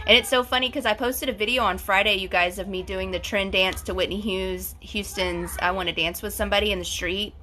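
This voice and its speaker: A woman's voice: lowish voice, sharp tone, a little hiss or hum. A woman in her forties chatting effusively on a phone live stream, reading out viewers' comments as host. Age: 40s. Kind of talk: casual live-stream chat.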